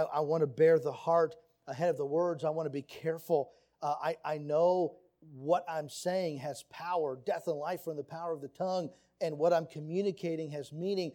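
A man's voice: a little high, warm tone. A man preaching a sermon on marriage, earnest and emphatic, reading quotes and scripture aloud. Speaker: pastor.

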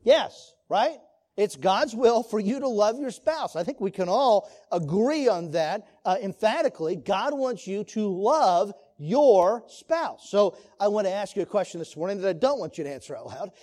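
A man delivers a sermon-style lesson to a church class, earnest and questioning. His voice sits high for a man yet sounds mellow and warm rather than bright. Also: animated, moderate pace. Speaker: Sunday school teacher.

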